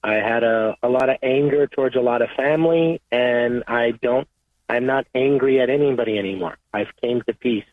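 A man calling in on the phone, halting and earnest, often repeating himself. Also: medium pitch, dry recording. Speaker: caller. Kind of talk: call-in testimony. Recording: tinny phone line, dry.

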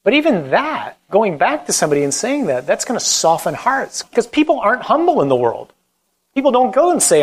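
Priest preaching, lively and chatty, voice sits a bit high, acts out little quotes. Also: male voice, a little fast, low-quality recording. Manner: animated, conversational preaching with acted-out quotes. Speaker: Catholic priest. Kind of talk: talk on evangelization, then closing prayer.

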